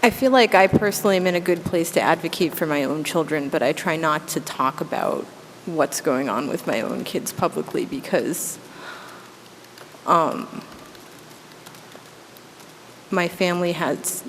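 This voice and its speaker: A woman's voice: low-pitched, measured pace, pauses often. A woman in her thirties speaking as a school committee member at a public meeting, making an earnest, impassioned appeal. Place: town meeting room. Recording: echoey meeting hall, faint background noise.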